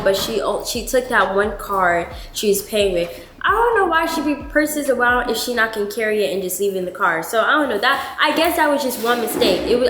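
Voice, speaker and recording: A woman vlogger telling a story in a chatty, animated way, full of filler words. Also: mid-range voice. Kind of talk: storytime vlog. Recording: roomy with background noise.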